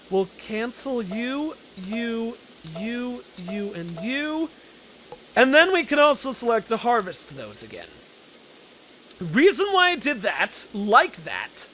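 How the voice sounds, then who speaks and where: Guy narrating a colony game, super high voice, jumps all over the place, faint music behind. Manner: excitable, shouts orders at the game characters, self-deprecating. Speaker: game let's-play host. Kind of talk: casual gameplay commentary.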